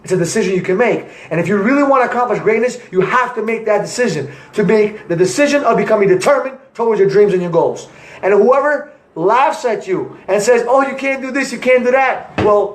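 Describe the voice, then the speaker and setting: Young guy hyping you up, high voice, lots of "you gotta", echoey room. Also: fast. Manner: energetic, repetitive pep-talk phrasing. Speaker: entrepreneur vlogger. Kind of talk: motivational talk to camera.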